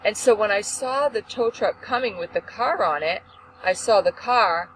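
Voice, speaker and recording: A woman hosts a faith talk show and tells a story with lively, expressive delivery. Her voice is middle-pitched, with faint noise behind it. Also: moderate pace, rough recording. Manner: expressive, acts out quotes with big pitch swings. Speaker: host. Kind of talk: animated storytelling.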